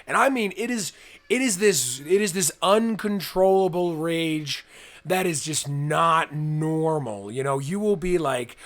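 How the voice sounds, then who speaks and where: A young man talks earnestly on a casual podcast, rambling through his points and slipping into people's inner thoughts. His voice sits fairly high for a man. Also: animated, unhurried, a bit bright. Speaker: co-host.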